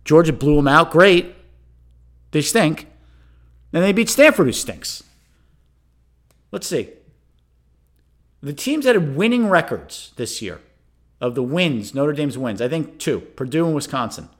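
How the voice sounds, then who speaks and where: Pitched on the high side and a little bright, a middle-aged man delivers solo sports commentary. His sarcastic rant rises into exasperated bursts, punctuated by direct "okay?" appeals to the listeners.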